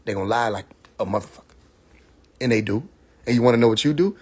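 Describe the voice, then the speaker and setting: A livestream host, male, medium-pitched with a breathy edge, talks fast in a casual monologue, telling stories animatedly and mimicking mocking voices. The audio comes through a phone or computer mic on a live stream.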